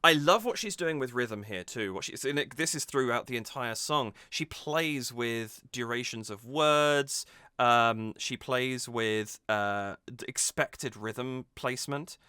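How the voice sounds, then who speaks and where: Male reaction host breaking down a song, bright and crisp, thoughtful, often restarts his sentences. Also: medium pitch, measured pace, dry recording, clean studio sound. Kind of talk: casual music analysis.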